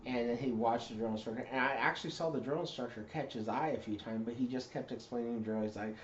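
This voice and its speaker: A man's voice: medium pitch, quick pace, a little hiss or hum. A man telling a casual story, rambling with lots of fillers and self-corrections. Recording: roomy dull recording.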